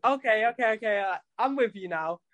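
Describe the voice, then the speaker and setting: A man's voice: high-pitched, expressive, brisk, fairly bright tone, dry recording, muffled recording. A man, a musician guest telling stories in a casual chat, rambling and swearing freely. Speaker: guest musician and tattoo artist.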